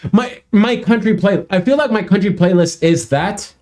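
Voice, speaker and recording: A man with a fairly high-pitched voice chats loosely on his reaction show, his sentences rambling and full of fillers. He talks casually and easily with his co-host. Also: moderate pace, a little mellow. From South America. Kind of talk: casual chat.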